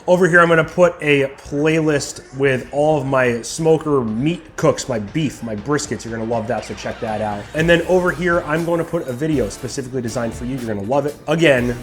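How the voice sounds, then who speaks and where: Tasting brisket on his own barbecue channel, a young man chats casually and now and then speaks through a full mouth. His voice sits in the mid range, and the clip is a laid-back cooking vlog of tasting and reviewing.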